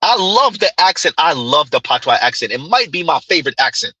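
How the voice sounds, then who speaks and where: Hosting a live commentary stream, this Caribbean-descended man reads comments aloud and rants with force, circling back to the same phrases and addressing chat directly. He speaks briskly on the high side, his pitch swinging widely, with a bright, forceful tone and a breathy edge. There's no room sound, and the audio quality is poor.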